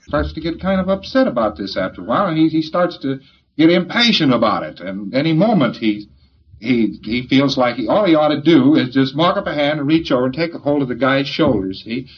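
A man's voice: mid-range voice, big pitch swings, fairly quick, breathy edge. A man giving an informal lecture in a folksy, joking, rambling way, on a dull old tape recording.

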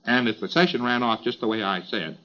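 A man's voice: mid-range voice, brisk, fairly bright tone, highs cut off. A man giving an informal lecture in a wry, chatty way, with emphatic asides.

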